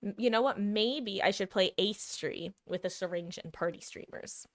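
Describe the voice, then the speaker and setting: A young woman chats casually and giggles while live-streaming a game, now and then cooing at her cat. Her voice is mid-range and her pace moderate, with no room sound in the recording.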